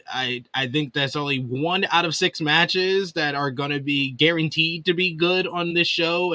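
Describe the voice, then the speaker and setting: Bright high-voiced man chatting wrestling. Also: no room sound. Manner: wry, sarcastic, laughs often. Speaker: podcast co-host. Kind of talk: casual wrestling preview chat.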